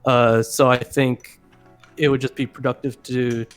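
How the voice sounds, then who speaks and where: A man's voice: mid-range voice, level tone, measured pace, smooth, soft background music. A man talking casually as a guest on a video call, hesitant, with many fillers and restarts.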